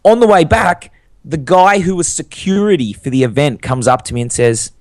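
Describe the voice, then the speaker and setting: A man's voice: fairly high pitch, lively intonation, normal speed, dry recording, studio quality. A young man co-hosting a podcast, telling stories and reading listener reviews in an upbeat, enthusiastic way. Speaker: podcast co-host. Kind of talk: casual chat.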